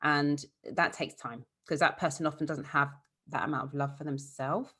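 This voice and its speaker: A woman's voice: deep voice, steady tone, normal speed, husky. A woman therapist for eating disorders, talking in a casual, explanatory way in an interview. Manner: warm, explanatory, fillers like "like" and "you know".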